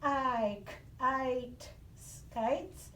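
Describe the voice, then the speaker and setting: A high-voiced woman teacher talks slowly and patiently through a math lesson for young children, now and then slipping into sing-song phonics chants. She sounds set back from the mic in an echoey room, with faint ambience behind her. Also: pushed and bright, a little hiss or hum. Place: home. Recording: roomy echo, recorded from a distance.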